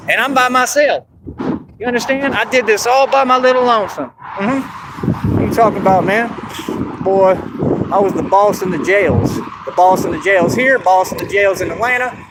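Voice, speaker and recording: A man's voice: sits high, very noisy. A man from Texas, talking in a boastful, swaggering monologue straight to camera. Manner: swaggering, repetitive, keeps asking "you understand?". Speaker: vlogger.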